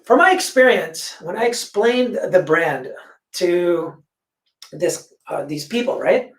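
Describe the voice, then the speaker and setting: A woman's voice: lowish voice, slow pace. A woman in a casual discussion, telling stories bluntly and swearing freely. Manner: blunt, profane, animated storytelling. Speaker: panel guest. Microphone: video call. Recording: echoey room, distant mic.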